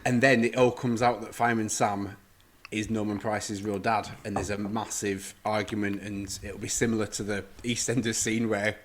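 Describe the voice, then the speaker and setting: A man's voice: fairly low pitch, level tone, moderate pace, slight background noise. A man co-hosting a podcast in casual chat, throwing in wry, teasing quips. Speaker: podcast co-host.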